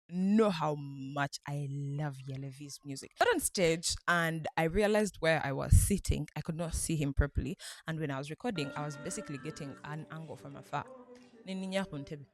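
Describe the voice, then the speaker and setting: A woman vlogger from Uganda excitedly retelling a night out, laughing often as she talks. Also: deep voice, normal speed, no room sound. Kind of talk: casual storytelling vlog.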